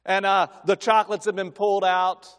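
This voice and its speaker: A middle-aged man preaching in a lighter, higher register, spinning folksy family stories that swell into emphatic calls. His voice rings out with a long reverb trailing behind every phrase, as in a large sanctuary. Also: level tone, fairly quick, a bit bright. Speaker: guest preacher.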